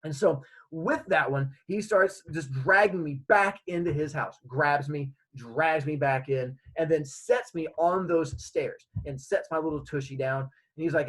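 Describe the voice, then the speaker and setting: A man's voice: a little high, unhurried, few pauses, fairly bright tone, low-quality recording. A man telling a funny story from his childhood, acting out the scenes. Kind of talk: comedic personal storytelling.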